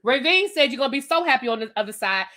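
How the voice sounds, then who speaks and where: High bright sassy woman ranting live. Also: quick pace. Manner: animated, blunt and sassy, addresses viewers directly. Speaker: reviewer and channel host. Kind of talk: live reality-TV review rant. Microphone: webcam.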